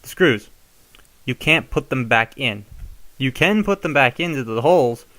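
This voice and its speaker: A man's voice: mid-range voice, lively intonation, unhurried, a bit bright. A young man casually showing how to modify a toy, chatty and given to rambling asides. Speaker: toy reviewer. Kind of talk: casual hands-on tutorial.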